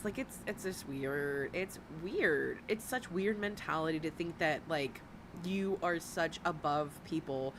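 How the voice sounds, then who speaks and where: A woman's voice: low voice, lively intonation, a little slow, noisy background. A woman giving mocking, sarcastic reaction commentary on a streamer's clips.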